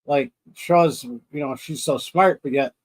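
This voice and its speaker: A man's voice: medium pitch, unhurried, low-quality recording. Podcast dude rambling along, acts out his reactions, laughs a bunch. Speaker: podcast co-host. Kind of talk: casual chat.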